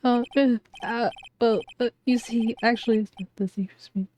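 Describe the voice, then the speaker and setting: A woman voicing a nervous young man who keeps insisting he is guilty, in a shrill, stammering, pleading way. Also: steady tone, normal speed, darkish tone, slight background noise, close to an everyday voice. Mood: flustered.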